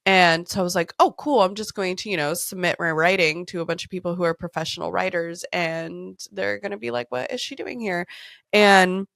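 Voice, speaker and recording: A woman's voice: fairly low pitch, fairly even intonation, a little fast, creaky, few pauses, fairly bright tone, no echo, clean studio sound. A woman podcast host in her thirties, telling stories in a candid, casual way, swearing freely and laughing often. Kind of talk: casual storytelling chat.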